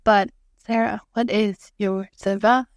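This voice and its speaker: A woman's voice: medium pitch, fairly even intonation, slow pace, no room sound, clean studio sound. A woman co-hosting a podcast, opening the show and asking upbeat prompting questions in a casual chat. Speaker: podcast co-host.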